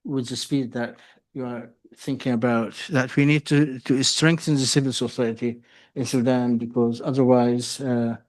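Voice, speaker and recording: Male panel chair, mid-pitched, halting delivery. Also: steady tone. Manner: halting, with pauses. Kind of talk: moderating a panel.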